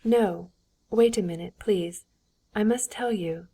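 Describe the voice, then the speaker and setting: A woman voicing an agitated young aristocratic wife who speaks in an excited, hurried, insistent way, in an audiobook. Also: mid-range voice, husky.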